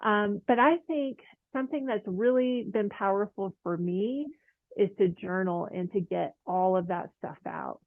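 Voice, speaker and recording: A woman's voice: medium pitch, a little slow, no echo, phone-quality sound. A woman art teacher talking casually to camera, chatty and encouraging, with lots of fillers and light laughs. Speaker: oil painting teacher. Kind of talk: casual motivational talk to camera.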